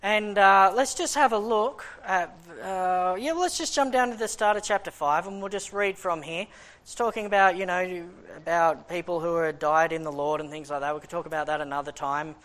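A man preaching a sermon and reading scripture, telling personal stories with lots of restarts. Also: sits high. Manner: animated storytelling with many restarts; reads scripture in a raised, deliberate voice. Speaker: preacher and schoolteacher.

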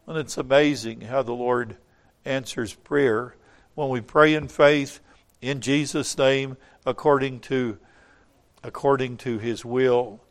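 A man preaching a sermon, emphatic, repeating phrases for weight, his voice swelling to loud peaks and sinking low and quiet. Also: measured pace.

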